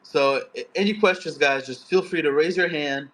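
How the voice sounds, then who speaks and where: A man leads a live coding lesson, explaining each step plainly. His voice sits a little high for a man. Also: normal speed, fairly bright tone. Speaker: coding instructor. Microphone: phone.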